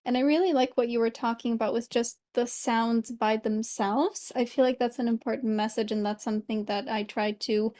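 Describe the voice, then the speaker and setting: A woman's voice: a little high, fairly even intonation, moderate pace, hardly any pauses, mellow. A woman host and language coach, talking casually in an interview with an earnest, reflective manner. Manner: reflective, earnest, thinks aloud at length.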